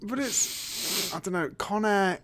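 A man's voice: high-pitched, slow pace, fairly bright tone. A man hosting a podcast, chatting about a film in a wry, talkative way and asking leading questions. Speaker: podcast host. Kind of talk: casual film chat.

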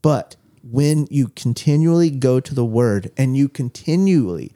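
A man's voice: medium pitch, expressive, a little slow, dark tone. A man co-hosting a casual faith discussion, telling stories and reflecting. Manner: storytelling, reflective. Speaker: co-host of a church talk show.

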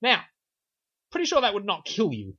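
A man with a high, husky, sharp-toned voice whose pitch swoops wildly co-hosts a podcast at normal speed. He recaps a film casually, sarcastic, offhand and profane, over a dull lo-fi recording.

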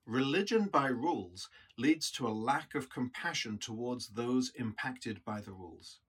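A man delivers a reflective sermon at a middling pitch. His voice is husky. He teaches in an earnest, thoughtful manner. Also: animated, a little slow, fairly bright tone. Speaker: preacher.

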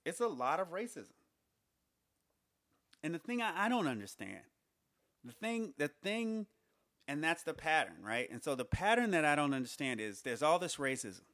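A man giving a casual spoken monologue, reasoning aloud with rhetorical questions and halting restarts. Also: on the high side, big pitch swings, a bit bright, no echo, clean studio sound. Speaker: commentator on society.

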